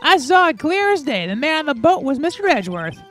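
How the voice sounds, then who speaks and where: A streamer voicing a brash, defensive female witness in a game, talking loudly and high. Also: big pitch swings, fairly quick, soft background music. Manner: loud, defensive. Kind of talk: reading game dialogue aloud.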